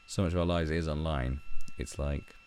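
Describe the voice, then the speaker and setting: A man's voice: rumbling low, huge pitch swings, normal speed, a little mellow, slight background noise. A man giving a profane, mocking, rambling commentary as the host of his own vlog. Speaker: online commentator.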